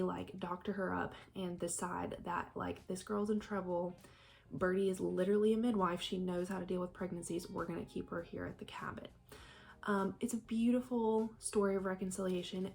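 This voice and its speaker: A woman's voice: mid-range voice, vocal fry. A woman chatting casually about a book she is reading, rambling with lots of fillers. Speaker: book vlogger. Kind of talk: casual book review chat.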